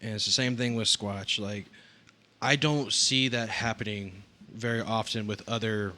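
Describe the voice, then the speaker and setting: A man's voice: on the low side, steady tone, unhurried, pushed and bright. A man co-hosting a podcast, talking in a rambling, profane, self-interrupting way with crude humor. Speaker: podcast co-host; nursing home worker. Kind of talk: casual podcast chat.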